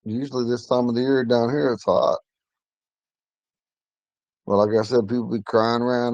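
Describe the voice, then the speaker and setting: A man teaching an online language class, talking in a relaxed, rambling way with many fillers. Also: medium pitch, normal speed, pauses often, no room sound, poor audio. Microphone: phone.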